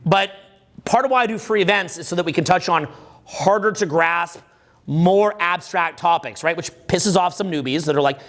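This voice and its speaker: Speaking at a normal pace with a high-pitched voice, a forties-aged dating coach delivers a live seminar from the stage. His talk is lively, full of swearing and conversational, peppered with "right?" check-ins.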